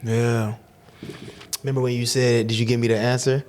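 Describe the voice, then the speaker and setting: A man's voice: medium pitch, level tone, moderate pace, darkish tone. A man hosting a casual podcast who mostly gives brief affirmations and asks short probing questions. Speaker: podcast host.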